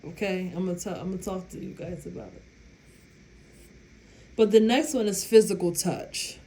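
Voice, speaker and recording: A woman with a lowish, dark-toned voice talks at normal speed, giving her viewers relationship advice in a casual, blunt way full of profanity. She's emphatic and laughs at her own story.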